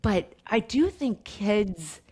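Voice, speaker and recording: A woman in her forties, a guest on a podcast, speaks in a reflective, halting way with plenty of fillers. Her pitch sits in a medium range. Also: sing-song, a little mellow, husky. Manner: reflective, hesitant, many fillers. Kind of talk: casual chat.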